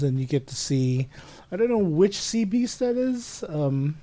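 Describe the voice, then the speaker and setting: A man recapping a comic chapter on a casual podcast, his voice a little high for a man and recorded close and dry. He hesitates often and drops into little acted lines when he quotes the characters. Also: animated, a little slow, mellow, no room sound. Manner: hesitant, many ums, acts out quoted lines. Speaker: podcast co-host.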